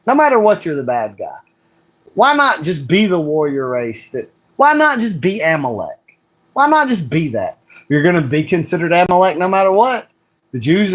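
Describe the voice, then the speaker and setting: A man hosting a solo livestream, talking in a heated rant full of repeated rhetorical questions. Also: sits high. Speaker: livestream host.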